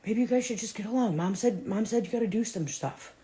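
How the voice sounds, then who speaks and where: A woman's voice: medium pitch, fast, dark tone, pitched above the performer's own voice, close to an everyday voice. A woman voicing her easygoing male cat, who coaxes the other cats to get along. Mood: coaxing.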